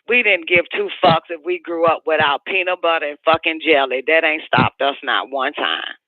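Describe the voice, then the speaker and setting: A radio show host delivering a profane, emphatic ranting monologue full of preachy storytelling. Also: male voice, high voice, no echo. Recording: tinny phone-like line, dry.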